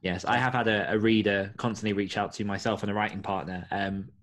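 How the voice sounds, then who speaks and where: A man from the UK hosting a writing podcast, talking in a friendly, measured, slightly formal way. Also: lowish voice, steady tone, a bit bright. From United Kingdom. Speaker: podcast co-host. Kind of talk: podcast chat.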